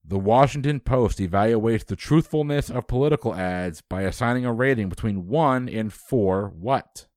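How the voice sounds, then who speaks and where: A man hosting a trivia quiz, reading questions briskly and dropping dry quips. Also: fairly low pitch, a little mellow, no echo.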